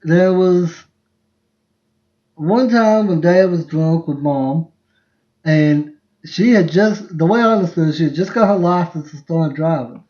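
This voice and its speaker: A man in his 20s, fairly high-pitched and a little slow and mellow, hosts a livestreamed podcast. He tells family stories in a rambling, laughing manner that repeats itself. It's captured on a phone, with a roomy, dull lo-fi quality.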